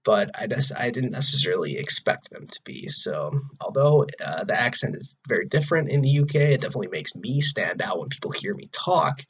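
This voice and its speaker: Husky young American man rambling casually. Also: mid-range voice, sing-song, a little fast, hardly any pauses, dull audio. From Wisconsin, USA. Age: 20s. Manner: rambling, many "like"s and restarts. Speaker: vlogger. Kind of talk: casual talk to camera. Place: his own room, indoors.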